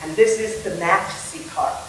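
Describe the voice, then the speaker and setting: A woman's voice: medium pitch, normal speed, slight background noise. A woman theatre director giving a playful lecture on verse meter, acting out rhythms as she explains. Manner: playful, sings and acts out rhythms. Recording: echoey room, mic at a distance.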